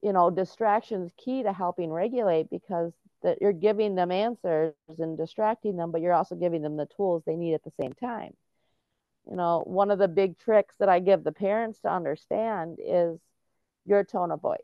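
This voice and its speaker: With a lowish voice at a normal pace, a middle-aged woman advocating for autism and veterans explains things earnestly as a podcast guest, restarting often. The casual interview is recorded with dull, dry lo-fi sound.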